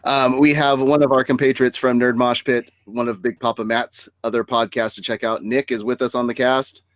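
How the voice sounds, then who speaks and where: A man hosting a casual podcast, chatty and quick to laugh, welcoming guests and the chat room. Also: mid-range voice, level tone, no echo. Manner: chatty, laughs often, loose restarts. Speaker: podcast host.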